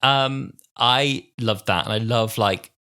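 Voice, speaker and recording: A man in his twenties co-hosting a podcast in casual chat, animated and acting out quoted lines. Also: medium pitch, slow, smooth. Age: 20s. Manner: animated, acts out quoted lines in put-on voices. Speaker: podcast co-host.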